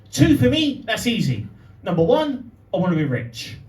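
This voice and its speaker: Lively young comedian on stage. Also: male voice, high voice, moderate pace, slight background noise. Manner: animated storytelling with punchlines. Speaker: stand-up comedian. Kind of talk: stand-up comedy set. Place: pub venue with live audience. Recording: echoey live room from far off. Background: audience laughter.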